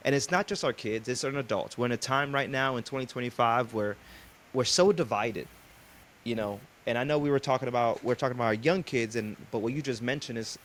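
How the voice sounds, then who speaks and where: A man's voice: mid-range voice, brisk, a bit bright, slight background noise. A middle-aged man hosting a podcast interview, talking in an earnest, casual way with fillers, and telling stories. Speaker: podcast host.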